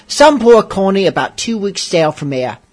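A man doing a hammy, gruff tavern pirate. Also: high-pitched, very animated, normal speed. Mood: scheming. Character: rough-talking adult male pirates in a tavern. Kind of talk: comic book read aloud in character.

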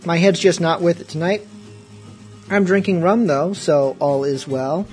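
A man's voice: fairly high pitch, unhurried, a little mellow, faint music behind. A man hosting a casual online radio show, rambling in self-mocking banter between segments. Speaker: host.

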